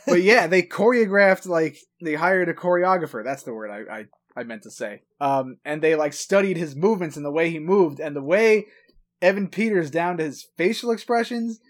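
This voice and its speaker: A man's voice: a little high, lively intonation, normal speed. A man from Long Island co-hosting a casual podcast chat, rambling, stuttering and swearing as he talks. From New York, Long Island. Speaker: podcast co-host.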